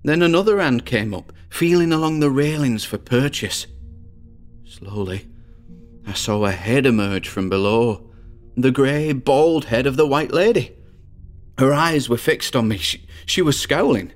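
A man's voice: medium pitch, lively intonation, unhurried, soft background music, voice pushed up, close to an everyday voice. A man playing a boastful teenage boy who tells a ghost story and builds suspense. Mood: spooky.

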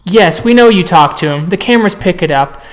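A man's voice: sits high, animated, fairly quick. A man playing a suspicious woman scientist. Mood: angry.

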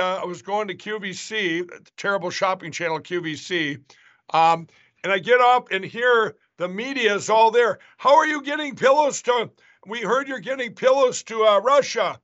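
A man's voice: sits high, bright, forceful tone. A man hosting a show, telling a long story in a casual, rambling way with many restarts and asides. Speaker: show host. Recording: dull lo-fi sound.

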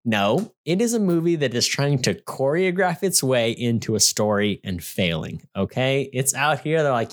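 A man co-hosting a podcast, reviewing a film in an animated, sarcastic rant that keeps asking his listener "all right?". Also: mid-range voice, moderate pace. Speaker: podcast co-host. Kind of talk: casual movie review rant.

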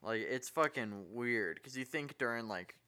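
A man at an everyday middle pitch talks casually about films, with plenty of filler words and restarts. He jokes around and drifts off topic, keeping the tone easygoing. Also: lively intonation, unhurried, pushed and bright. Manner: loose, rambling, jokey. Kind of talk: casual movie chat.

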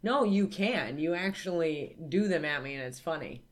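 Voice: mid-range voice, animated, normal speed. A podcast co-host in casual chat who gives dry, skeptical replies.

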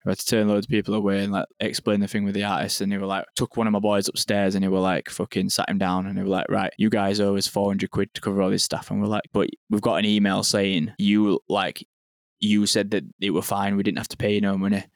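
Fast-talking man, flat and low. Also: dry recording, studio quality. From England. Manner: rambling, sweary, lots of "like". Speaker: podcast guest, venue owner. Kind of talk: casual storytelling chat.

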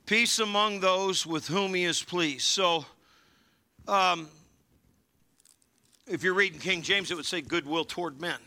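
A man preaching a sermon as pastor, swinging from hushed asides to fervent shouting. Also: on the high side, a little slow, pauses often.

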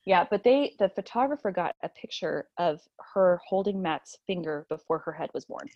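A woman's voice: moderate pace, dry recording, lo-fi sound. Woman in her 30s telling her birth story, all emotional and laughy, dry close mic. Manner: animated, laughs often, acts out quotes in a high voice. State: emotional, near tears. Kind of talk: emotional storytelling in casual chat.

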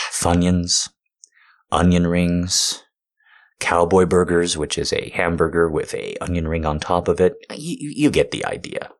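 Very deep-voiced joking man. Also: normal speed. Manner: profane self-deprecating joking. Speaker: streamer talking to fans. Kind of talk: casual monologue.

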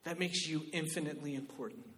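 A man preaching a sermon as pastor, shifting between loud, emphatic exhortation and quiet personal storytelling. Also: fairly high pitch, fast.

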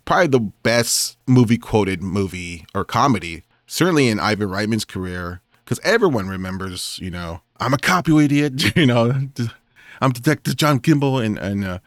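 Podcast guy gabbing about old movies, keeps laughing, lowish voice, super dry mic. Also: expressive, normal speed, no echo. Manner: laughs often, quoting movie lines. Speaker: podcast co-host. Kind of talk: casual film chat.

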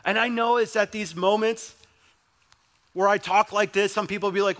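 A man's voice: sits high, normal speed, a bit bright. A young adult male pastor preaching a sermon in a conversational way, with emphatic repetition.

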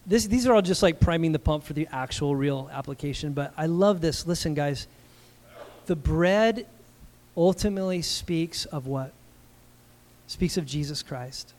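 A man's voice: a little high, measured pace, darkish tone. A man preaching an emphatic, conversational sermon, asking rhetorical questions and calling out "Amen?" to the congregation. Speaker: pastor.

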